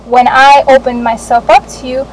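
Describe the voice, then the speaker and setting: A young adult woman vlogging, telling a candid personal story in an animated way, with laughs and the odd swear. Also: sits high, normal speed, slight background noise, low-quality recording.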